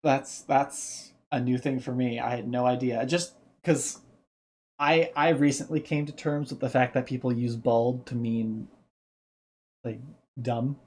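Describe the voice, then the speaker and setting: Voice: medium pitch, steady tone, a little slow, a little mellow, husky. A streamer giving casual reaction commentary, thinking aloud and explaining ideas at length.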